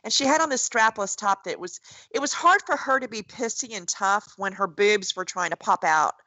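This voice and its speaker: A woman's voice: mid-range voice, moderate pace, sharp tone, no echo, poor audio. A woman co-hosting a podcast, chatting bluntly and retelling a TV show with lots of asides. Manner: blunt, chatty, retells scenes with quoted voices. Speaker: podcast co-host. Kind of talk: casual chat recapping a TV show.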